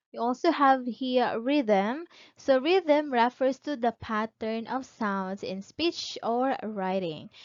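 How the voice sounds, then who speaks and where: A woman's voice: fairly high pitch, a little mellow, no room sound. A woman teaching an online lesson who poses questions to her students and answers them herself, drawing out the words of examples as she reads them. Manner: drawn-out, careful reading of examples. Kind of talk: recorded online lecture. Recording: dull, dry close recording.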